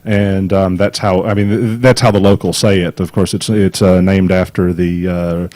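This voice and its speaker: A man from Mississippi co-hosting a podcast, telling stories in a halting way with many ums. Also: low voice, flat delivery, a little mellow, dry recording. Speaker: podcast co-host. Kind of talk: casual chat.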